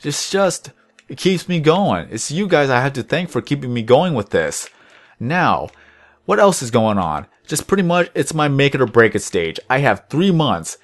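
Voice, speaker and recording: A young man hosts his own gaming channel and talks casually over gameplay. He rambles in a chatty, self-reflective way, lifting his naturally low voice a little higher so it sounds less monotone. His pitch sits right in the middle for a man. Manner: deliberately lifts his voice above his natural low tone.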